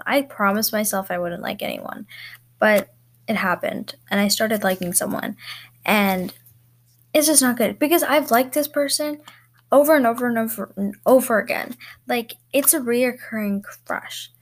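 A young woman with a slightly high voice rambles through a solo podcast, filling her talk with likes and ums. She pokes fun at herself in a loose, casual way. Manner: self-mocking. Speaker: podcast host.

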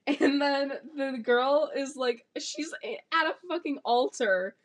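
A woman's voice: high-pitched, takes it slowly. A young woman co-hosting a podcast, sarcastically retelling a book with lots of giggling. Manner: sarcastic, giggly, acts out characters in quotes. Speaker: podcast co-host. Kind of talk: casual chat, retelling a book.

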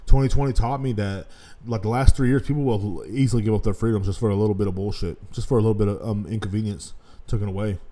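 A man's voice: lowish voice, steady tone, quick pace. A man hosting a casual podcast, ranting in a profane, rambling way and mocking people in put-on voices. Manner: gets loud and worked up. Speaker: podcast host. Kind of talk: casual rant.

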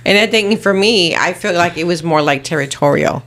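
A woman's voice: lowish voice, fairly quick, fairly bright tone. A woman co-hosting a casual podcast, explaining people's motives on a reality show. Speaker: podcast co-host.

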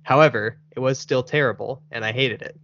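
A man's voice: mid-range voice, brisk, a bit bright, dull audio. A man hosting a casual podcast chat, rambling and laughing often. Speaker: podcast host.

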